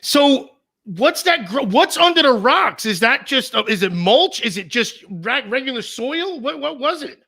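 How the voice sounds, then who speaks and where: Animated man, high bright rambling voice. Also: a little slow. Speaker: co-host. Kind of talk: casual live-stream chat.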